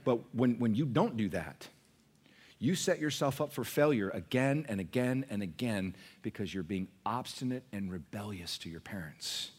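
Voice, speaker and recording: A middle-aged pastor preaches to his congregation at a church service, calling for responses from the room. His husky, lowish voice is animated at normal speed, swinging between quiet asides and loud, raised declarations.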